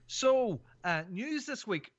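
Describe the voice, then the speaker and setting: A man's voice: very high voice, big pitch swings, slow, no room sound. Rambling man hosting a podcast. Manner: rambling and jokey, many fillers. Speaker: podcast host. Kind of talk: casual chat. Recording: dull, dry podcast mic.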